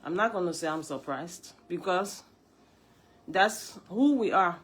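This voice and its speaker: A woman with a Liberian English accent, hoarse from a cold, hosting a live stream, greeting viewers and repeating her points emphatically. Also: fairly low pitch, lively intonation, a little slow, a little hiss or hum.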